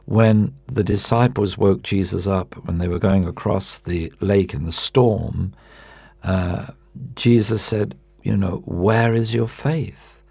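A man preaching a sermon in a measured, emphatic way, quoting scripture. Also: low voice, vocal fry, a little mellow, no room sound.

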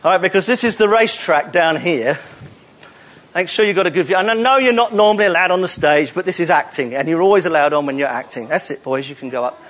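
A man's voice: on the high side, fast, fairly bright tone. A man leading a live audience on a hall stage, coaxing volunteers with playful, teasing jokes. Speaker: presenter leading audience participation.

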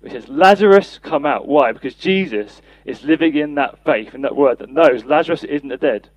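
A man's voice: medium pitch, normal speed, slightly rough, dry recording, rough recording. A man preaching a sermon, earnest, reading and acting out scripture quotes for a podcast. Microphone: podcast mic.

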